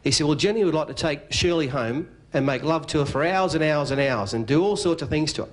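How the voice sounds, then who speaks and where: Australian man telling a comic yarn. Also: a little high. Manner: yarn-spinning, quick punchlines, does the other man's lines. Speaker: after-dinner speaker. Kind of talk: comic storytelling. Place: club function room.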